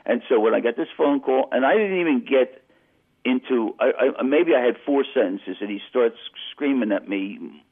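A man telling an animated story as a guest calling into a radio show, stumbling and restarting as he goes. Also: medium pitch, normal speed, husky. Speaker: phone-in guest. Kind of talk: casual storytelling on a phone call. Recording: tinny phone line on radio.

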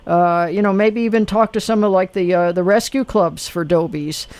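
A woman's voice: lowish voice, normal speed, a little mellow, dry recording. A woman hosting a radio call-in show, chatty and sympathetic, laughing easily. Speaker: radio host. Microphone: studio microphone.

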